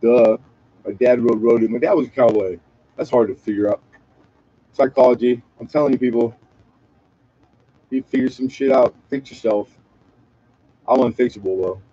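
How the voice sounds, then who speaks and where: A man's voice: medium pitch, normal speed, long pauses, warm tone, breathy edge, dull audio. A man from Southern California rambling and joking with profanity in a casual late-night livestream chat. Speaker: livestream host.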